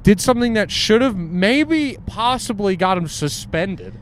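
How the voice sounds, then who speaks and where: A man's voice: high voice, a little slow, slight background noise. A man in casual podcast chat, reacting to a friend's story and adding his own view. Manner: relaxed, reacting and backing the story.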